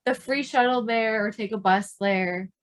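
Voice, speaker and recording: A woman from the United States co-hosting a podcast in casual chat, relaxed as she reads out listener questions. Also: on the high side, moderate pace. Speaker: podcast co-host.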